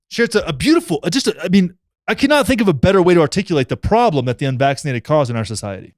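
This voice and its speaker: A young man giving sarcastic vlog commentary, reading a text aloud with mock outrage and deadpan asides. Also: fairly high pitch, dry recording, studio quality. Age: young adult. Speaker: vlogger.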